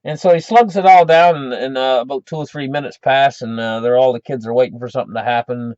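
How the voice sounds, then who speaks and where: A man's voice: fairly high pitch, brisk, darkish tone, no echo, muffled recording. A man giving emphatic financial commentary, explaining with a story and frequent restarts. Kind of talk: animated commentary.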